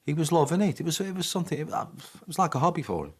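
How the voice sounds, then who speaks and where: A man's voice: on the high side, sing-song, quick pace, slightly rough. A man recalling his darts career in a casual interview, acting out remembered conversations. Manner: storytelling, acts out quoted dialogue.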